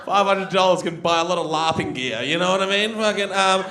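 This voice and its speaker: A man's voice: high voice, a little fast, a crowd in the background. A man as comedy compere, announcing loosely with joking asides and fillers. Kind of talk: stage announcing. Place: comedy club stage with audience. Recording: noisy crowded club, mic far off.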